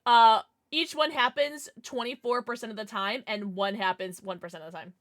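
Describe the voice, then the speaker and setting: A woman game streamer in casual livestream chat, bubbly and excitable, often breaking into giggles. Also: fairly high pitch, moderate pace.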